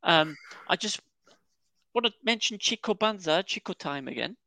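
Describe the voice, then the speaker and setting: A man's voice: high-pitched, lively intonation, moderate pace, gravelly, sharp tone, no echo. A man co-hosting a casual football podcast over a remote call, telling stories in a chatty way and chuckling mid-sentence. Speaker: podcast co-host.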